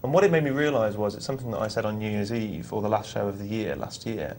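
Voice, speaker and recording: A man's voice: lowish voice, fast talker, darkish tone, slight background noise. A man co-hosting a live poker show, explaining ideas thoughtfully with occasional restarts. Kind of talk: live on-air poker talk.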